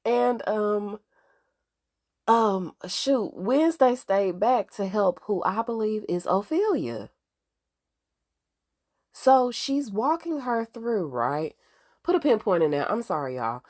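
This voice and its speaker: A woman's voice: medium pitch, big pitch swings, takes it slowly, long pauses, darkish tone. A woman hosting a casual TV recap, chatty and slangy, talking straight to her viewers. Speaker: TV recap host.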